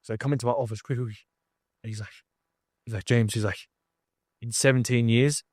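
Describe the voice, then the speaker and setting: This animated storyteller is a man guesting on a podcast, speaking a little fast in a steady, medium-pitched voice. He uses slang, keeps things casual, and voices other people's lines, recorded close and dry with no room sound.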